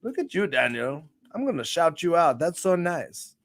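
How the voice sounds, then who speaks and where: A man hosting a casual livestream chat show, upbeat and rambling, breaking into loud excited shout-outs to viewers. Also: a little high, moderate pace.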